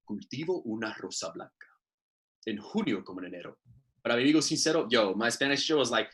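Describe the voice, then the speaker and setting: Animated young man doing stand-up. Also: medium pitch, quick pace. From Miami, United States. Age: young adult. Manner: animated, self-deprecating storytelling. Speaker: comedian. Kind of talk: stand-up comedy.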